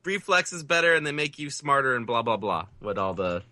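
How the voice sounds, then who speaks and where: A man's voice: medium pitch, sing-song, fairly quick, bright, forceful tone, no echo. A man co-hosting a gaming podcast, talking in a loose, joking way. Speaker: podcast co-host. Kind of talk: casual gaming chat.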